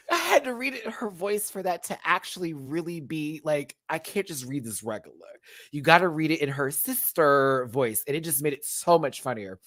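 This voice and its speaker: A man's voice: fairly high pitch, animated, normal speed, a bit bright, no echo, clean studio sound. A man reviewing a drag competition show in a livestream, sassy and campy, full of slang and frequent laughter, talking straight to viewers. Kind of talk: casual livestream commentary.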